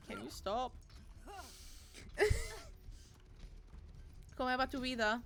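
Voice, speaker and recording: A woman's voice: on the high side, steady tone, slow pace, long pauses. A young woman streaming a game, chatting playfully with viewers and slipping into Spanish. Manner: playful, giggly, switches into Spanish. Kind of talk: casual gaming stream chat.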